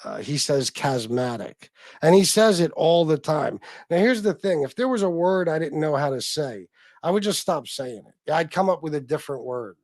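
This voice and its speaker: A man hosts a casual livestream, swearing freely as he answers viewers. His voice sits a little high for a man. The sound is dry and close, with no room around it. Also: lively intonation, moderate pace, a little mellow, no room sound. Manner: chatty, swears freely, reads and answers chat. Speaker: livestream host.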